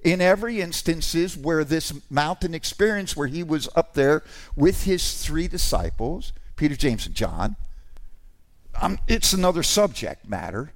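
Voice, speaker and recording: Guy preaching a sermon, kinda high voice that swings all over, casual asides, gets loud on the big lines. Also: a little slow. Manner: animated preaching, rising to shouts on key lines; informal, restarts and asides. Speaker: pastor.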